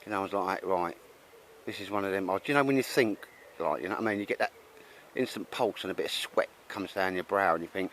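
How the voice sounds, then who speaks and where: A man's voice: low voice, quick pace, fairly bright tone, slight background noise, rough recording. A man chatting casually and rambling at a woodland camp outdoors. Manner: chatty, rambling, laughs often. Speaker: host.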